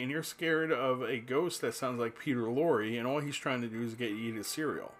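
A man in his fifties from New Jersey talks in a loose, rambling monologue, restarting sentences and cursing now and then. His voice is husky at a middle pitch. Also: lively intonation, normal speed, a bit bright. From New Jersey, USA. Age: 50s. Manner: rambling, nostalgic, profane, self-interrupting. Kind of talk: casual spoken monologue.

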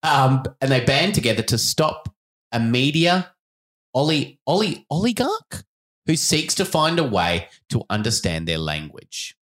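A man co-hosting a podcast, his voice swinging up and down as he cracks deadpan jokes. He teases his co-host and reads out film blurbs in a casual, joking way. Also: mid-range voice, a little slow. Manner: playful, teasing, deadpan jokes.

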